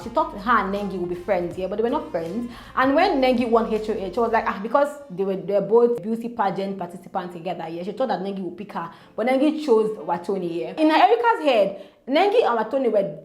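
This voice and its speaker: A woman with a Nigerian accent recapping a reality show in a casual vlog, animated and acting out what others said. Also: mid-range voice. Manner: animated, acts out quoted housemates. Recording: echoey room, faint music.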